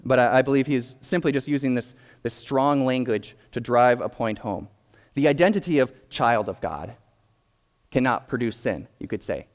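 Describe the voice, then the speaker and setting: A young adult man gives a sermon in a hall, and his mid-pitched voice trails off into a long reverb. He explains patiently and carefully, often restarting his sentences as he thinks aloud. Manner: measured, explanatory, with frequent restarts. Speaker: pastor.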